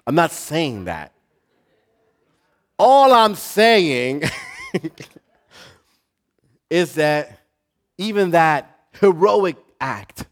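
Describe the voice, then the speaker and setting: Male pastor, slightly high voice, lively unhurried sermon delivery to a live congregation. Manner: preaching to a live congregation, building from quiet to shouting.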